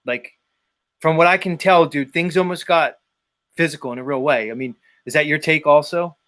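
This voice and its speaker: A man hosting a live stream, talking casually in an animated, rambling way with frequent swearing. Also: a little high, moderate pace. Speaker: host.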